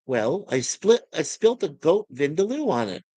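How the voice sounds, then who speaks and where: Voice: medium pitch, very animated, moderate pace, mellow, husky, no room sound. A fan voicing a laid-back, scruffy male crewman who talks in an offhand way.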